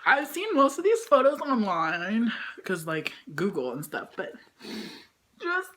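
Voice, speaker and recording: A woman's voice: mid-range voice, sing-song, measured pace, fairly bright tone. A young woman at home unboxing a photobook in a casual vlog, gushing and squealing, dropping now and then to a whisper. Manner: gushing, squealing fangirl, swings between shrieks and whispers.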